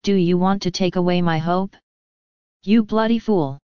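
A man's voice: high-pitched, level tone, a little fast, clear, resonant tone, dry recording, highs cut off, lightly acted. Woman reading as an angry ex-inmate man. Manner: angry, bursts out. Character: bitter male former inmate, defensive.

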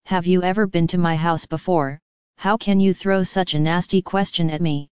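A man's voice: high voice, steady tone, moderate pace, smooth, no room sound, close to an everyday voice. Furious elderly farmer man, indignant, dull recording, woman reader. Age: older.

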